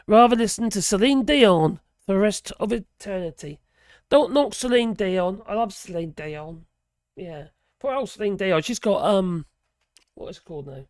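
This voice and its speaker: A man with a hoarse voice, rambling and chuckling as he hosts a live stream and reads out viewer chat. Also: high-pitched, no echo, studio quality. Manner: rambling, chuckling, trailing off mid-sentence. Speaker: livestream host reading viewer chat.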